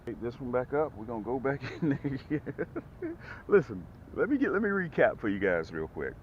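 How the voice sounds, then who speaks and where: A man hosting a fishing vlog from his boat, folksy and excitable, with a lively voice that swings up and down. The sound is thin and phone-like, with faint hiss in the background. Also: medium pitch, normal speed. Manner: excitable, whoops when fish bite, folksy talk. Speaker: fishing channel host. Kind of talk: casual on-the-water fishing vlog. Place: outdoors on a boat. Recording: phone-like lo-fi audio with faint noise.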